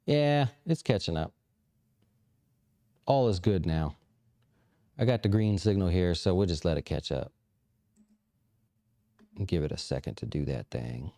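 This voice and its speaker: A middle-aged man speaks at a low pitch with a dark, mellow tone. He hosts a casual livestream and answers viewer questions, thinking aloud in a loose, rambling way full of fillers and restarts. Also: animated, unhurried, vocal fry, long pauses. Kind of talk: casual live chat about investing.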